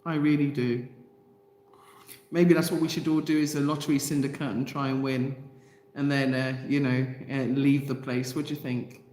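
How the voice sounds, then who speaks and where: Her very deep, dark voice moves little in pitch and keeps a normal speed. Hosting a livestream, she reads viewer comments aloud and speaks to her audience with passion and emotion, directly addressing them, in a roomy space with long reverb.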